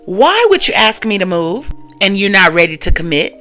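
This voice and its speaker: A woman's voice: mid-range voice, sing-song, moderate pace, bright, forceful tone, soft background music. A woman voicing a sassy, insistent young woman who is an emotional best friend, as she retells a scene. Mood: distressed.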